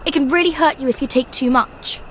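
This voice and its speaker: A woman's voice: high voice, brisk, lightly acted. An actress voicing a dry, teasing young woman in a video game. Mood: calm. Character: wry young woman, companion. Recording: noisy game audio.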